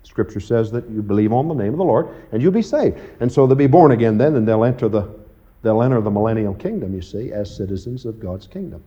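Preacher, male, lively pitch, mellow tone, folksy Bible teacher; muffled lo-fi tape. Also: fast. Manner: animated, acts out quoted voices with big pitch jumps; folksy, conversational, frequent "you see" and "okay". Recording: muffled lo-fi recording.

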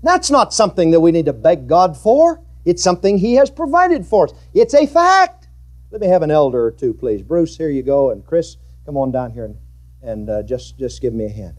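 A man's voice: fairly high pitch, sing-song, moderate pace, a little mellow. A man preaching a sermon, leading the congregation in call-and-response and repeating his phrases. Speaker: pastor.

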